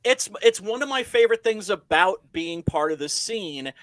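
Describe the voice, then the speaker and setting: A man co-hosting a podcast in casual chat, excitable, repeating himself and swearing often. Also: sits high, normal speed, crowd noise. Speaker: podcast co-host.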